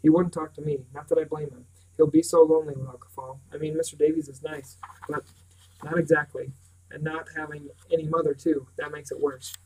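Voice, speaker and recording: A man voicing an eleven-year-old boy in a storybook, earnest and gentle beyond his years. The delivery is flat and mid-pitched, set back from the microphone. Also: fairly quick, recorded from a distance, close to an everyday voice, rough recording.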